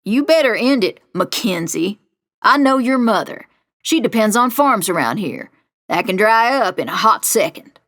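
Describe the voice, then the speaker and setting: A woman's voice: mid-range voice, expressive, moderate pace, a bit bright. A woman voicing an affable businessman who turns threatening, in a one-reader audio drama. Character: affable businessman turned menacing.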